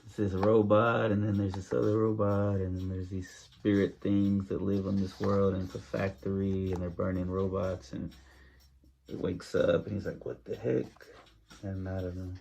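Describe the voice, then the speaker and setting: A man with a somewhat low voice hosts his own podcast in an easygoing, rambling way. He is jittery from coffee, and his talk is full of ums, restarts and loose tangents. A faint hiss sits under the recording. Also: monotone, normal speed, gravelly, a little mellow. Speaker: podcast host. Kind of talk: casual solo podcast chat.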